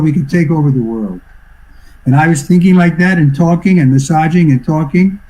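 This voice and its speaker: An older man from New York, a swami giving a devotional talk over a video call, telling stories reflectively and clearing his throat often. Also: a little high, mellow, poor audio. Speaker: swami teacher. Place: online video session.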